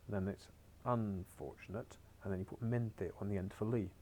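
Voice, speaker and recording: A man's voice: on the low side, steady tone, moderate pace, warm tone, slight background noise. Wry, encouraging male teacher. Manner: chatty, encouraging, wry asides. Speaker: Spanish teacher. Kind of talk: recorded screen-share lesson.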